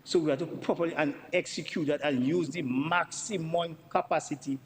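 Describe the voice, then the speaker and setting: A man's voice: a little high, steady tone, moderate pace, big-room sound, rough recording. A Dominican man, a member of parliament, giving an emphatic debate speech in the chamber and repeating himself for stress.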